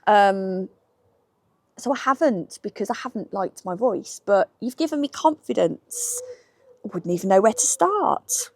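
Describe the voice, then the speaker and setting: A woman's voice: medium pitch, expressive, measured pace, a little mellow, dry recording. A middle-aged woman from Birmingham with a Brummie accent, chatting candidly with frank asides as she answers viewers' questions outdoors in a garden. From Birmingham, England. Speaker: history YouTuber.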